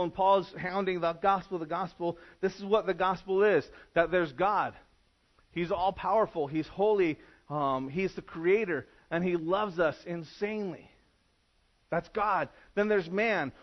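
A man's voice: high-pitched, muffled recording. A man preaching a sermon as pastor, from California, talking conversationally with frequent restarts and fillers.

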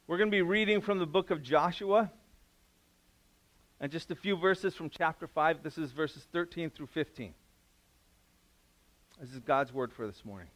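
A middle-aged man preaches as pastor in a casual, conversational style, using restarts and acting out quotes. His voice is a little high, at a moderate pace with long pauses, and in prayer he drops to a soft, quiet voice.

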